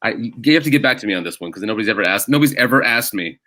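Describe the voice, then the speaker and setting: An American comedian appears as a guest on a podcast, chatting casually and telling rambling, jokey stories full of restarts. His lowish voice is expressive, very fast, and sharp in tone.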